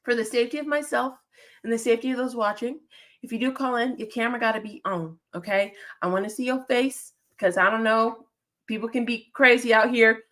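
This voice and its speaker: A woman hosting a football call-in livestream with an upbeat, talkative manner. Her voice sits a little high, and her casual chat is full of repeated phrases and quick asides to viewers. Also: a bit bright. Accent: non-standard accent, remarked on by a viewer. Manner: upbeat, chatty, laughs often, repeats phrases.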